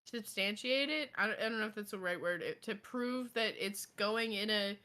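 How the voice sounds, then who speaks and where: A woman's voice: mid-range voice, moderate pace, pushed and bright. A young woman in casual chat, asking pointed questions and reasoning things out aloud.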